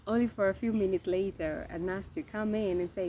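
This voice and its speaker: A woman's voice: medium pitch, steady tone, a little fast, warm tone, a little hiss or hum. A young woman casually telling her birth story to viewers, chatty and direct.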